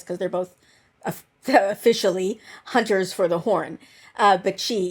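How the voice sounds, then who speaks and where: A woman hosting her own channel, chatting about a TV episode in a rambling, excitable way, full of "like" and gushing bursts. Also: mid-range voice. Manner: excitable and gushing, with quick bursts of squealing delight. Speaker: channel host reviewing a TV episode. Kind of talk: casual chat over episode footage.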